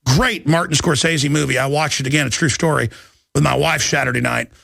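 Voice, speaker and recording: On his talk radio show, a man in his thirties from Texas launches into an impassioned political rant, loud and full of mocking impressions of his opponents. He talks a little fast in a fairly high, gravelly voice, with no room sound.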